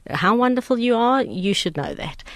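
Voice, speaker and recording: A woman's voice: a little high, very animated, moderate pace, dry recording. A woman hosting an advice talk, speaking earnestly and emphatically, repeating phrases for effect. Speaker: host giving life advice and readings.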